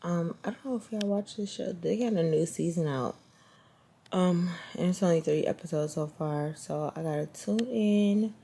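A woman's voice: on the low side, normal speed, vocal fry, mellow, echoey room. A young woman vlogging in casual, slangy chat, rambling with fillers and asides to her viewers. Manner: chatty and slangy, trailing off with fillers. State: tired and low-energy at first.

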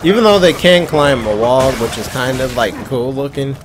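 Tired young male gamer, casual rambling play-by-play, mid-pitched voice. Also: lively intonation, normal speed, noisy background. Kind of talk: gameplay commentary.

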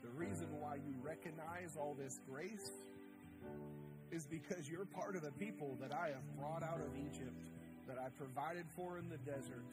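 Male pastor, young adult, animated sermon delivery with acted-out voices, higher-pitched speaking voice, music bed under him. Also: normal speed. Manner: animated preaching, acts out voices with wide swings in pitch. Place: church sanctuary.

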